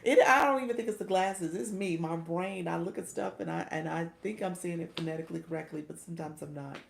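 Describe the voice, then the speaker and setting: Woman livestream coach, low gravelly voice, chatty and laugh-prone, echoey room. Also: fast. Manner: chatty, laughs often, thanks viewers by name. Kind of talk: casual livestream talk, reading chat.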